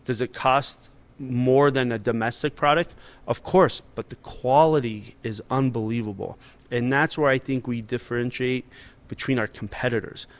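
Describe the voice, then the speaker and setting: A man's voice: medium pitch, steady tone, normal speed. A man in his forties, a restaurant owner and chef, talking casually and animatedly in an interview, with many fillers and restarts.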